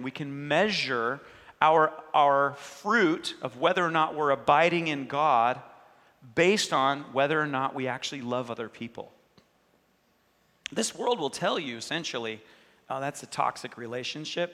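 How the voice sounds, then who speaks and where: A man's voice: a little high, moderate pace, bright, forceful tone, long reverb tail. A man preaching a sermon, earnest and conversational, voicing inner thoughts and prayers as he speaks. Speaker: pastor.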